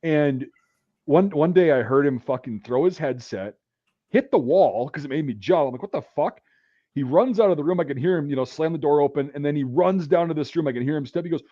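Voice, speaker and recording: A man hosting a casual podcast, telling profane army stories in an animated way. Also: fairly high pitch, a little fast, dry recording, lo-fi sound. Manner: profane, animated, shouts out quoted rants. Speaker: podcast host. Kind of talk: casual storytelling chat.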